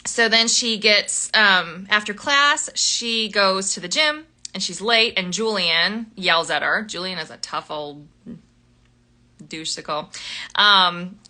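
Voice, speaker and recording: A young woman hosting a live book club, chatting animatedly about a novel, laughing often and filling pauses with ums. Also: mid-range voice, sharp tone. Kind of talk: casual book chat on a livestream.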